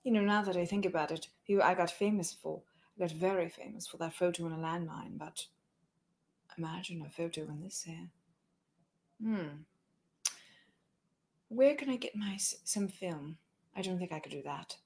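A woman voicing a confused, wistful princess, speaking softly and musing to herself. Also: lowish voice, normal speed, long pauses, lightly acted. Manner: soft, musing, trailing off. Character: confused, wistful princess alone in a ruined London.

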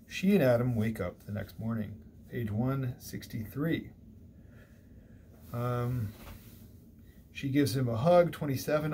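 A man's voice: medium pitch, slow pace, long pauses, warm tone, a little hiss or hum. A man lecturing on a classic poem, conversational and digressive, thinking aloud with small restarts. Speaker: literature lecturer. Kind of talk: recorded university lecture. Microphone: single mic, recorded lecture.

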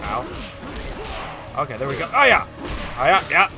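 A man hosting a gaming video, talking casually as he plays, loud and excitable, exclaiming and groaning often. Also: on the high side, slow pace, over loud music. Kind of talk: casual gameplay commentary.

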